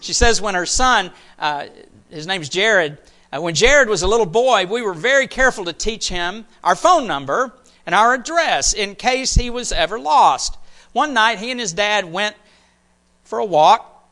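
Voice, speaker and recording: A man preaching a sermon in a high, bright voice. He speaks slowly and with animation, repeats key phrases, and at times drops almost to a whisper for emphasis. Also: expressive. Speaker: pastor.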